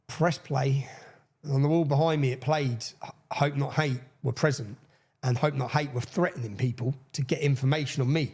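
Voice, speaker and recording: A man's voice: mid-range voice, slightly rough. A man, a podcast guest telling a long story with energy, swearing and acting out the people he quotes. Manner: fast, excitable, swears, acts out quoted voices. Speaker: interview guest. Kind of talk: animated storytelling in a podcast interview.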